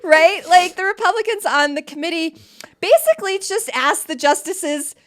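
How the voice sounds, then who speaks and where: A woman's voice: extremely high pitch, moderate pace. Sardonic woman podcast co-host. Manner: sardonic, wry, animated. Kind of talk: casual legal commentary chat.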